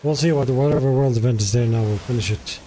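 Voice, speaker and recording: A man talks to his viewers during a live game stream, relaxed and chatty. His voice is mellow and warm. He greets people by name in a friendly way. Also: medium pitch, fast talker, slight background noise. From Jordan. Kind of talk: casual live-stream chat.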